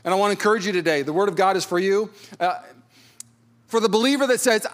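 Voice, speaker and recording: High-voiced pastor preaching. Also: male voice, fast, a bit bright. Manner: conversational, storytelling with self-deprecating humor. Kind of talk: sermon.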